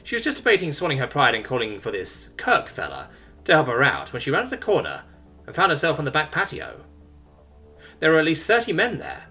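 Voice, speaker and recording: Expressive male audiobook narrator. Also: mid-range voice. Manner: expressive, wry storytelling.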